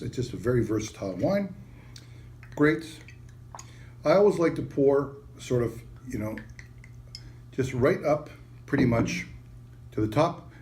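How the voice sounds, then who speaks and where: A man presenting a wine and cheese tasting, enthusiastic and casual in a sales-pitch manner. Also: a little mellow, slight background noise. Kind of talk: product tasting demonstration.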